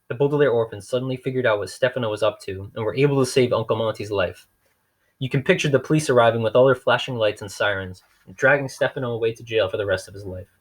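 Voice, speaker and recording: A man reading a novel aloud in a dry, wry storytelling manner. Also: mid-range voice. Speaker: reader.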